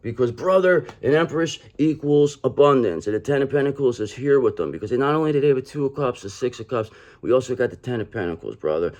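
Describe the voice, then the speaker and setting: A man's voice: mid-range voice, lively intonation, quick pace, few pauses, darkish tone. A man giving a casual tarot reading to camera, calling the listener "brother" and repeating his points. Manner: acts out other people in mocking quoted voices. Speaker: tarot reader.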